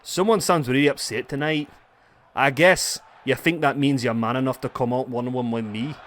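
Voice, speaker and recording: A man plays an arrogant wrestling villain, a smug self-proclaimed genius who mocks his rival in pompous, condescending language. His medium-pitched voice is fairly bright and close to an everyday voice, at a moderate pace, with a little hiss or hum.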